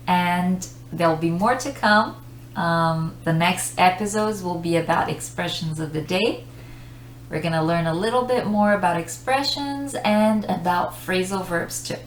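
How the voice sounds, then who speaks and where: Woman english teacher, chatty n laughy, lowish voice, kinda echoey room. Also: slight background noise. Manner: chatty, laughs often between explanations. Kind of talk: casual video lesson.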